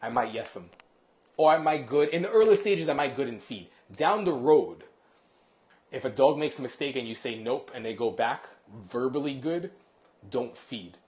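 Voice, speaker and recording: A man's voice: mid-range voice, expressive, normal speed, darkish tone. A man, a dog trainer, explaining training casually in a rambling way, with lots of restarts, while moving around his apartment. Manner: rambling, many fillers and restarts. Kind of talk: casual instructional talk.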